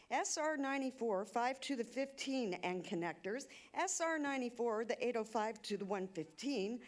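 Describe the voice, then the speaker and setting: A woman giving an emotional, indignant public comment at a city council meeting. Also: on the high side. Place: council chamber.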